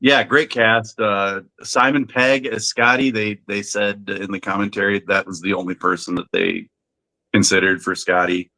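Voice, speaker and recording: A man's voice: on the low side, little pitch movement, normal speed, sharp tone, rough recording. A man co-hosting a podcast, chatting casually and often restarting his sentences with fillers. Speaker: podcast co-host. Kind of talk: casual chat.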